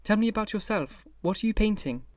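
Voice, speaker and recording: A man reading the part of a vain, bored young gentleman in an audiobook, languid and then shrill in protest. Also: expressive, a little fast, no echo, clean studio sound, recorded from a distance.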